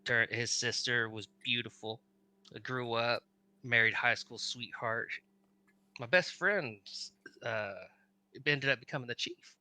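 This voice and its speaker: A man playing a grown mechanic and father, telling his backstory in halting, reflective character speech at a tabletop game. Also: mid-range voice, bright, forceful tone, smooth, no room sound. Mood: wistful. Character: grizzled adult male mechanic and father.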